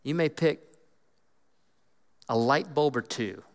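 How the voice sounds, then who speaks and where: A man giving an earnest, animated teaching talk about Bible reading, acting out inner voices as he goes. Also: mid-range voice, slow. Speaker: guest speaker on Scripture. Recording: long hall reverb.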